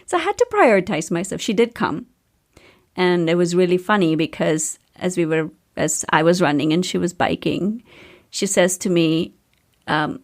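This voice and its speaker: A woman's voice: on the low side, lively intonation, normal speed. Chatty woman hosting a podcast. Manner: chatty, candid, storytelling with filler words. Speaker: podcast host and coach. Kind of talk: casual podcast monologue.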